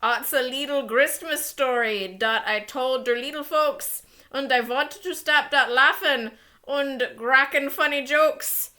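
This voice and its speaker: A woman's voice: high-pitched, takes it slowly, bright, forceful tone, pitched above the performer's own voice, exaggerated voice. A folksy storyteller with a put-on mock-Dutch lilt, as a woman reads him out. The voice rides well above her own, sing-song and overdone, and sits a little back from the mic. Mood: playful. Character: folksy poem speaker in mock Dutch dialect.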